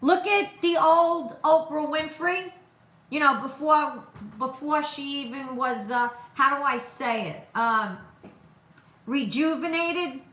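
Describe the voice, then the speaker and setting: A woman's voice: sits high, takes it slowly, a bit bright, roomy sound. A woman with a noticeable accent, hosting an opinionated live stream, who repeats her points emphatically and asks rhetorical questions. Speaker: political livestream host.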